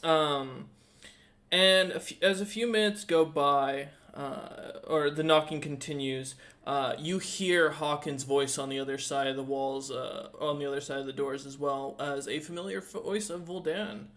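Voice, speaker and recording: A man narrating as dungeon master, halting often with fillers as he describes the scene. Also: fairly high pitch, fairly even intonation, fairly bright tone. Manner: halting, many fillers and pauses. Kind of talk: narrating a tabletop game.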